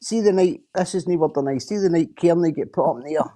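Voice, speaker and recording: A man's voice: a little high, quick pace, dark tone. Sweary Scottish man ranting. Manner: blunt, sweary and repetitive. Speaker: streamer. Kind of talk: casual chat.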